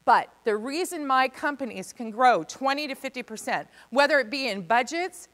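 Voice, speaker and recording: A woman giving an energetic, comedic live seminar talk as a business speaker, playing with the audience. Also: high voice, moderate pace. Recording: long reverb of a hall.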